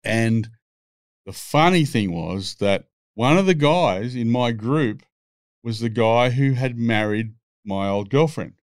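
A man's voice: medium pitch, expressive, slow pace, no echo, clean studio sound. A man, telling rambling, swear-filled stories as a podcast guest. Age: 60s. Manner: profane, rambling anecdotes. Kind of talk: casual storytelling.

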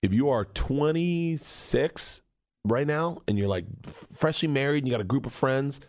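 A comedian man telling a wild story in a radio studio, loud and laughing, acting out the voices of the people in it. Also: mid-range voice, lively intonation, normal speed. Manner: loud, laughing, acts out voices in his stories. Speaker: comedian guest. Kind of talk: animated storytelling.

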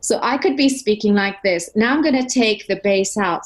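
A woman's voice: moderate pace, hardly any pauses, poor audio. A middle-aged woman, a voice coach and opera singer, talking in an interview and demonstrating how to colour the voice. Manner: animated, demonstrates vocal colour by shifting pitch. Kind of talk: conversational interview.

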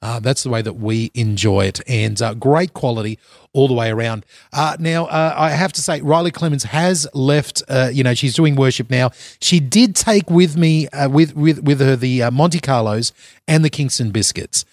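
A man's voice: medium pitch, normal speed, no echo, studio quality. A man with an Australian accent hosting a live breakfast radio show from a conference floor, chatty and upbeat with frequent fillers. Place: side hall at a conference venue.

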